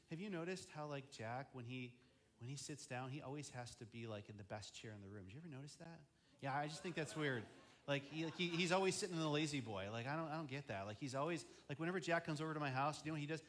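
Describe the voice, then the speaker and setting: A man's voice: fairly high pitch, fast, a bit bright. A young man preaching as a student ministry pastor, chatty, often acting out quoted voices. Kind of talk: youth sermon.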